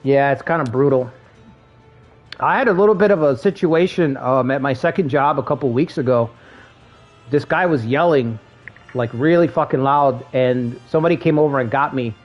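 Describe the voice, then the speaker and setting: A man streaming a strategy game, telling stories in a casual, animated way and swearing freely. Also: mid-range voice, normal speed. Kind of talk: casual gaming stream chat. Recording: dull lo-fi stream audio with faint game music.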